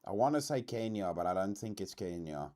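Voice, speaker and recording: A man from South Africa with a South African accent, hosting a casual livestream reaction chat in a slangy, swearing, animated way. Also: deep voice, a little fast. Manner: animated, slangy, says dude a lot, swears. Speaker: streamer host.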